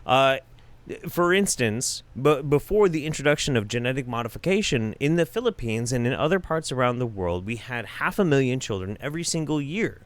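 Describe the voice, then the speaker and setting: Swearing man with a lively voice. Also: mid-range voice, fairly quick, dry recording. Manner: heavy swearing, swings between shouted rants and quiet asides. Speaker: host. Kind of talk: profane reaction commentary.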